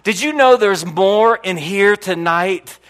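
A male pastor preaching to his congregation with a notably high voice. He tells a story with plenty of restarts and fillers. His voice dips into low murmurs and then climbs into loud, excited bursts. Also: takes it slowly. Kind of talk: sermon. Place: church hall.

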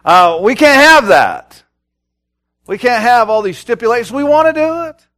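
Pastor, man in his forties, animated sermon delivery, slightly high voice. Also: a little slow. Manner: animated storytelling, acting out quotes with big swings in loudness. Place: church sanctuary.

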